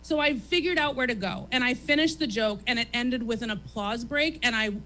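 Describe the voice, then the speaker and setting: A woman in her thirties speaks with a high, bright, ringing voice. She talks bluntly and emphatically, peppering her talk with swearing, as a comedian guest on a comedy theater stage. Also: slight background noise. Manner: emphatic, profane, rapid-fire. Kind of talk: candid confessional talk.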